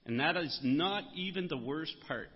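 Preacher in a reverberant church hall. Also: male voice, a little high, lively intonation, normal speed, breathy edge. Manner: earnest, rising emphasis on key words. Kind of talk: sermon. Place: church sanctuary. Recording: muffled sound with long hall reverb.

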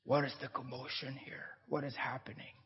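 A preacher voicing a kindly, frail old man who speaks gently and quietly. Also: mid-range voice, flat delivery, normal speed, whispered, muffled recording, close to an everyday voice. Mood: gentle.

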